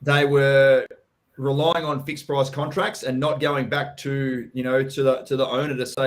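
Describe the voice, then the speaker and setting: A man's voice: medium pitch, flat delivery, moderate pace. An Australian man hosting a live property Q&A, talking bluntly and casually, swearing freely and calling people mate and buddy. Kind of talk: casual live-stream chat.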